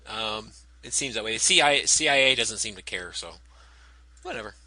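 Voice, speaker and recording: A man's voice: on the low side, lively intonation, a little fast, bright, forceful tone, no room sound, low-quality recording. A man co-hosting a podcast, wry and hesitant with lots of ums. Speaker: podcast co-host. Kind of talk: casual chat.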